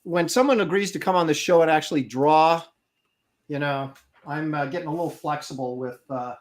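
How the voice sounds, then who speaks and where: Man, casual show host, rambling and halting, slightly high voice, echoey room. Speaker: podcast host. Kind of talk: casual chat.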